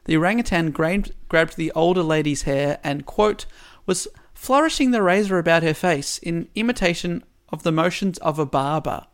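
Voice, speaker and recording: A man hosting a podcast casually retells a story's plot, adding dry asides. His gravelly voice sits slightly high for a man, animated and at a moderate pace.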